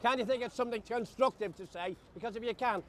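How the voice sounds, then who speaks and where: A blustering football manager. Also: male voice, extremely high pitch, quick pace, crowd noise. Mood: indignant. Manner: gruff, blunt pep talks with swearing. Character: blustering, hapless middle-aged football manager. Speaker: national football team manager. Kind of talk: film acting.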